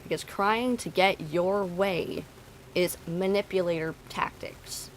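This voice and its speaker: A woman's voice: lowish voice, slow, a little hiss or hum, rough recording. A woman streamer talking to her chat, venting bluntly and swearing freely. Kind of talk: casual talk to stream chat.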